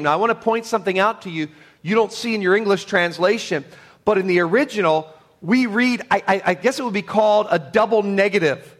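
Male pastor preaching, fairly high voice, gets loud and high then drops real quiet. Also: animated, fairly quick. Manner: emphatic, swinging from loud high declarations to hushed tones. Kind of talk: sermon.

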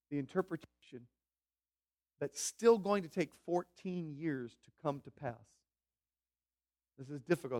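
A pastor delivers a sermon, alternating between booming, deliberate statements and soft, low-voiced asides.

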